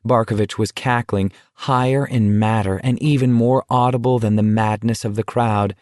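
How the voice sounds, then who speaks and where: A man reading an audiobook as narrator in a measured, tense dramatic style. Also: fairly low pitch, steady tone, darkish tone, no room sound, clean studio sound. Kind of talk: scripted narration.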